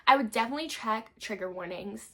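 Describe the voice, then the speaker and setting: A young woman chatting casually about books, gushing with frequent laughs and swearing, swinging between loud bursts and soft asides. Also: fairly high pitch, quick pace. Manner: gushing, swears often, many likes. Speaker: book reviewer. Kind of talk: casual book chat.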